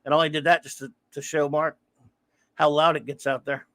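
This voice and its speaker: A man's voice: a little high, little pitch movement, fairly quick, a bit bright, no echo. A man hosting a casual livestream, rambling and greeting viewers by name as he reads the chat. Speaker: livestream host. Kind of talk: casual live-stream chat, reading chat aloud.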